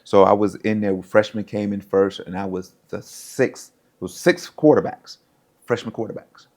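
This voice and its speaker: At a normal speed and in a lowish register, this ex-pro footballer spins tales as a podcast guest. He's middle-aged and lively, performing other people's quotes as he goes through a relaxed storytelling interview.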